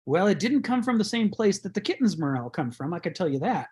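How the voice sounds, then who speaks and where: Brief: breathy male lecturer, casual and digressive, lots of "you know". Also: high-pitched, very animated, fast, darkish tone. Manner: rambling, chuckles often, many fillers. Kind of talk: conversational lecture.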